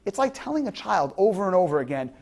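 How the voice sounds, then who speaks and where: A woman's voice: lowish voice, sing-song, fast, darkish tone. A woman giving an instructional lecture to fitness trainers, explaining through examples and rhetorical questions.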